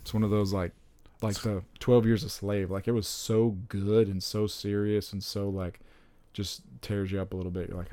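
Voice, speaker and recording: A young man chatting casually about upcoming movies, rambling and excitable, with frequent exclamations. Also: on the low side, normal speed.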